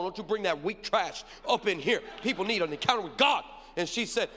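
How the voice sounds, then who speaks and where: A man preaching a sermon, telling a story and acting out the dialogue with animated energy. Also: fairly high pitch, brisk. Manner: animated, acts out dialogue, builds to shouted preaching. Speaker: pastor. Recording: long hall reverb.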